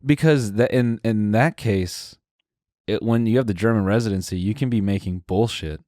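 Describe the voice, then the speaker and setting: A man's voice: on the low side, normal speed, mellow, no room sound, studio quality. A young man co-hosting a casual podcast, rambling and hesitant with many fillers as he works through an idea. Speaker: podcast co-host.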